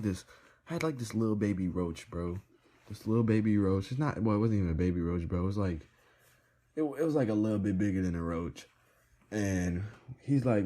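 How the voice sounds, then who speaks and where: Low, mellow young man telling a story. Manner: rambling, slangy, lots of filler words. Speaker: vlogger. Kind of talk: casual storytime.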